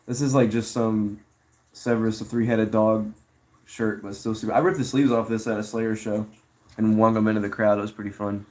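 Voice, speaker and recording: A man's voice: on the low side, level tone, a little fast, darkish tone. A young man casually chatting on a live stream, reading chat messages aloud and answering them in a laid-back way.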